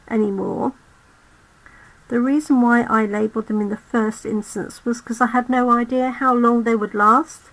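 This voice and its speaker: Craft host, woman, losing her voice; slightly high, unhurried delivery. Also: low-quality recording. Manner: chatty, talks to viewers while working. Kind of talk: live card-making demo.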